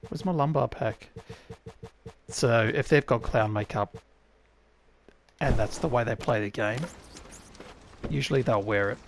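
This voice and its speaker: An Australian man talks casually through his gameplay in a mid-range voice, wry and self-mocking as he thinks out loud. Game ambience sits clearly behind him. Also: medium pitch, a little slow, long pauses. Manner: chatty, wry, talks to himself while playing. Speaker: gaming YouTuber. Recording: clear background game noise.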